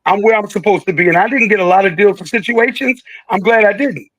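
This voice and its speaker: A man in his sixties telling stories as a guest in a casual interview, animated and joking, acting out quotes with big jumps in his voice. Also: sits high, quick pace, no room sound, poor audio. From Philadelphia. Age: 60s. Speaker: guest, veteran rapper.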